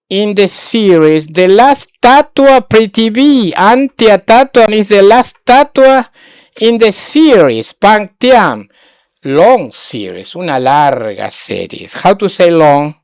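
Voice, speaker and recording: A woman gives an online language lesson in a slow, unhurried way, pausing, repeating terms and restating each point in Spanish. Her voice is rather low and very clean, and the recording is close and dry with no room around it. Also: darkish tone, smooth, dry recording. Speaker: Sanskrit teacher. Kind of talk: online lesson, thinking aloud while working on screen.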